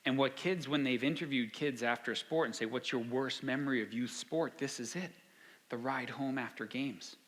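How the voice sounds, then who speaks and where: A man speaks to a room of parents in a mid-pitched voice, sharing stories and questioning the crowd. The sound rings with a long hall reverb. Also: normal speed, fairly bright tone. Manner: storytelling, asks the audience. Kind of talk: talk to parents.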